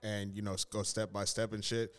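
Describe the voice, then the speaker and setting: A man co-hosting a podcast in casual chat, laid-back and profane, who mimics others in a high squeaky voice. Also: level tone, a little fast, smooth, faint music behind. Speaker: podcast co-host.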